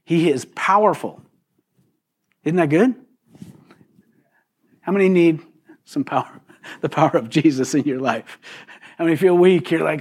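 A man preaching a sermon in a relaxed, conversational way, often putting questions to the congregation. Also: fairly high pitch, measured pace, long pauses, breathy edge. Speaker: pastor.

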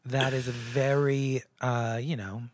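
A man's voice: mid-range voice, flat delivery, no echo. A man co-hosting a podcast in casual chat, with a dry, sarcastic way of talking. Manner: dry, sarcastic, drawn-out repetitions. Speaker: podcast co-host.

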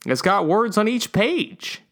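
A gloomy leader of odd creatures, slow and raised in pitch, warning that the end is near, as a man puts him on for a story reading. The voice swings widely between lines, deliberate and mournful. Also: sing-song, a bit bright, heavily acted. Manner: slow, high, doom-laden. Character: gloomy leader of strange dwellers, male.

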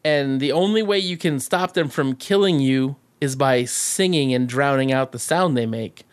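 A man's voice: mid-range voice, normal speed, clean tone. A man co-hosting a podcast, recapping a movie in casual chat, sarcastic and profane, laughing often. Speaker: podcast co-host.

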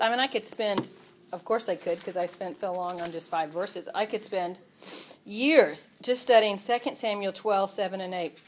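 A woman leading an informal Bible study, emotional, moving between soft asides and loud exclamations. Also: medium pitch, a little slow, reverberant.

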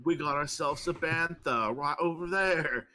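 A man voicing a young male Jedi as a cheesy Australian outback hero, with a put-on Australian accent and a slow, hushed, exaggerated drawl. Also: on the high side, slight background noise, pitched above the performer's own voice.

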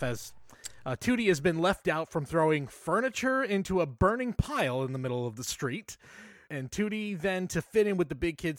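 A man's voice: high-pitched, dry recording, clean studio sound. A man co-hosting a podcast, recapping a film in casual chat with irreverent, profane exaggeration. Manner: irreverent, swears freely, deadpan exaggeration. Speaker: podcast co-host.

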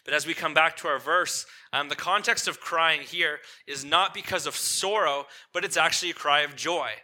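A man's voice: a little high, pushed and bright. A man preaching a sermon as lead pastor in a church. He talks conversationally, keeps asking the congregation questions and checking in with "right?", and turns tender and earnest on painful points.

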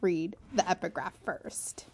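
A woman's voice: on the low side, measured pace. A woman co-hosting a casual book-discussion podcast, telling stories with giggles. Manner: giggly, animated storytelling. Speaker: podcast co-host.

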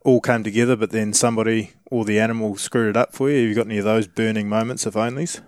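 A man hosting a casual interview, asking relaxed and encouraging questions. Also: on the low side, fast, no room sound, clean studio sound. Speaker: podcast host.

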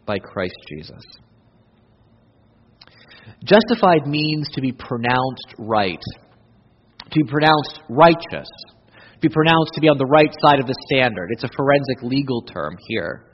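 A male pastor, preaching an animated sermon that moves between loud emphasis and hushed intensity. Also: medium pitch, husky. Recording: dull audio with long hall reverb.

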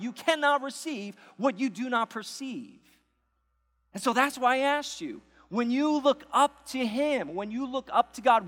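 High-voiced preacher man in a reverberant hall. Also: fairly bright tone. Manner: conversational preaching with repetitions and asides. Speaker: pastor. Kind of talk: sermon.

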